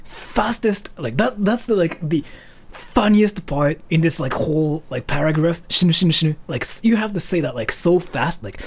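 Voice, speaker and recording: A speaker from Japan, chatting casually on a livestream while reading donations, lively and giggly. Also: mid-range voice, normal speed, vocal fry, slightly rough. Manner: animated and giggly, peppered with "like" and "freaking".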